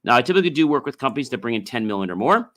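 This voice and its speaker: A man hosting his own podcast, talking loosely with many fillers and repeats, and breaking into drawn-out chanted oms to show how they sound. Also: medium pitch, sing-song. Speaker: podcast host. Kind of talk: casual solo podcast talk.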